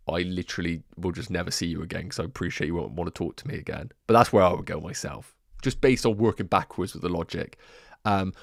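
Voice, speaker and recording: A man's voice: sits low, no echo, studio quality. A man hosting a casual fantasy football livestream, chatting to viewers and answering their questions, a bit out of breath. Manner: chatty, banters with chat, quick asides.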